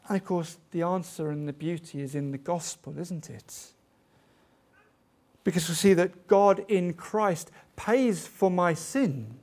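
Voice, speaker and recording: A man's voice: high voice, measured pace, a little mellow. A man preaching a sermon, asking rhetorical questions and building to emphatic peaks.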